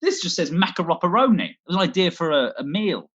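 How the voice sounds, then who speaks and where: A man's voice: sits high, big pitch swings, fast talker, fairly bright tone, muffled recording. A man doing a scattered, self-deprecating stand-up set from home, swearing a lot as he talks. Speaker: stand-up comedian. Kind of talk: rambling online stand-up set.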